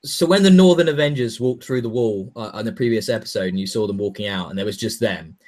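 A man's voice: fairly low pitch, quick pace, darkish tone. A man co-hosting a casual chat, rambling and swearing, often repeating words as he gathers his thoughts.

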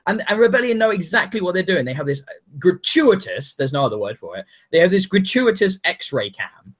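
Man, podcast host; animated, excitable, swears freely, casual game talk. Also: high voice, a little fast, husky. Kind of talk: casual chat.

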